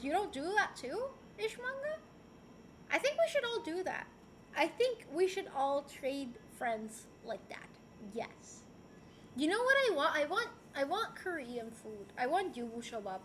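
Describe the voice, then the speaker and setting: A woman's voice: high voice, a little hiss or hum. A young woman from Rico, chatting casually and playfully on a livestream as she reads and answers chat messages. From Puerto Rico. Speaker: streamer.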